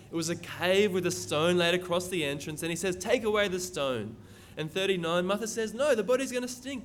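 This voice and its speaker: A man preaching a sermon, reading scripture aloud and explaining it in an earnest, emphatic way. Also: high voice. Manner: earnest, emphatic, repeats words when stressing.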